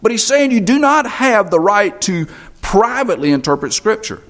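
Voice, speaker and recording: A man preaching a sermon as pastor, emphatic, repeating phrases for stress. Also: medium pitch.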